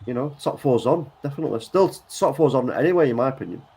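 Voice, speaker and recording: A man co-hosting a football watchalong, talking in a relaxed, hesitant way with plenty of fillers. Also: mid-range voice, fast, husky. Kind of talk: casual live match chat.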